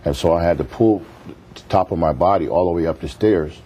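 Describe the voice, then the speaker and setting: A man's voice: deep voice, brisk, mellow, highs cut off. A man, a pastor, telling his life story as a guest in a TV interview, earnest, acting out the quoted voices as he goes. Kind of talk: testimony in a TV interview.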